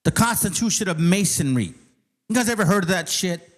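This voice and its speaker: Male host, casual rant, mocking and profane, lively, slightly high pitch. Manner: reads aloud slowly, then speeds up. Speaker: channel host. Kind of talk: casual ranting commentary.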